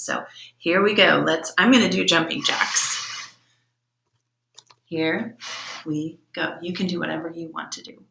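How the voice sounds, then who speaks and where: Woman teacher, patient lesson for small children, unhurried, roomy echo. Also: fairly low pitch, background noise. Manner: patient, step-by-step, asks the kids questions. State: out of breath after exercise. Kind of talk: remote lesson for young children. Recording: echoey room.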